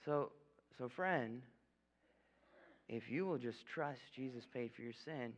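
A man's voice: medium pitch, takes it slowly. A young man preaching a casual, joking sermon with an altar call, tossing in frequent "okay?" asides. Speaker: guest preacher. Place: church sanctuary. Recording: echoey hall, dull lo-fi sound.

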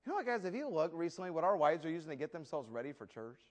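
A man's voice: a little high, rapid-fire. Man preaching with comic storytelling. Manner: humorous storytelling, lively acted asides. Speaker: pastor. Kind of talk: sermon.

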